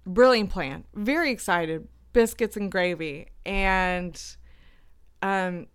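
A woman's voice: on the low side, slow pace, smooth. A woman co-hosting a hiking video, telling a story in a casual chat and laughing often. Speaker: co-host of a hiking channel.

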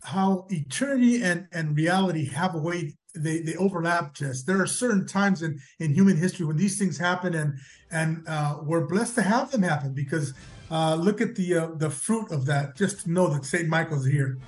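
A man with a fairly high voice co-hosts a talk show. He speaks earnestly and reflectively, halting on fillers as he works through his thoughts. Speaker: co-host. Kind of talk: casual radio talk.

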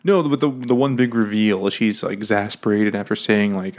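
A man's voice: fairly low pitch, steady tone, normal speed, a little mellow. Crude joking man chatting casually. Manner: crude, joking, laughs often while talking. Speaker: podcast co-host. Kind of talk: casual book-club banter.

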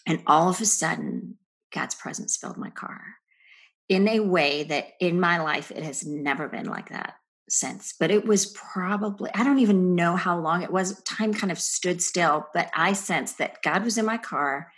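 Husky low-voiced woman telling her story. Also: moderate pace. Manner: reflective, earnest storytelling with soft trailing phrases. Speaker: podcast guest. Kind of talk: personal testimony in a podcast interview.

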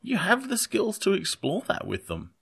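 A man's voice: high voice, huge pitch swings, moderate pace, creaky, a bit bright, breathy edge. A man in casual chat, an occupational therapist who explains his points earnestly, restarting sentences as he goes.

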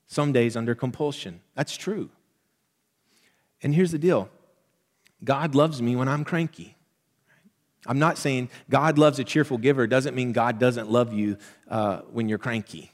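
A middle-aged man preaching a sermon as pastor, conversational and animated, checking in with the congregation as he goes. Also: medium pitch, measured pace, pauses often. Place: church sanctuary. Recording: long hall reverb.

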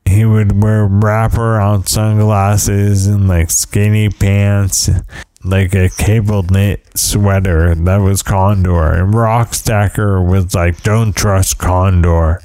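Guy hosting a podcast, unhurried drawl, smooth low-ish voice, dry close sound, wandering self-deprecating stories. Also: flat delivery, mellow, no room sound. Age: parent of young kids. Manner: meandering storyteller with self-deprecating asides. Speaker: podcast host. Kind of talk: casual rambling chat.

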